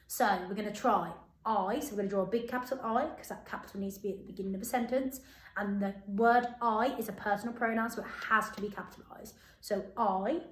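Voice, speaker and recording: Woman teacher, fairly high voice, echoey room, slow drawn-out dictation. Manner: slow, sing-song, drawn-out words for dictation. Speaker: primary school teacher. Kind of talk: phonics and writing lesson for young children.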